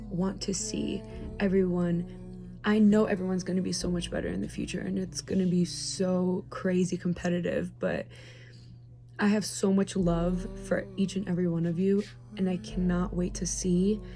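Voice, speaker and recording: A woman's voice: fairly low pitch, mellow. A teenage girl, a graduating show choir senior, saying an affectionate goodbye. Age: teens. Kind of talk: farewell message.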